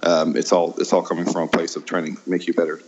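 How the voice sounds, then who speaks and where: Man, low-ish voice, halting with ums, dull lo-fi recording; self-deprecating guest. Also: level tone, a little mellow. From American Midwest. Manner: hesitant, many ums, laughs at himself. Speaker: improv teacher and guest. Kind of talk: casual interview chat. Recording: dull lo-fi sound.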